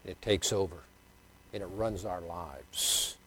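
An older man preaching a sermon, swinging from loud, emphatic bursts to quiet, low asides, chuckling and asking his congregation questions. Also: fairly even intonation, slow, slightly rough.

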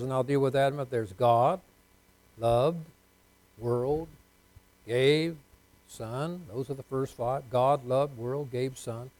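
A man preaching a sermon, leading the congregation in call-and-response and swinging between soft asides and loud, emphatic lines. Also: a little high, rough recording. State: unwell.

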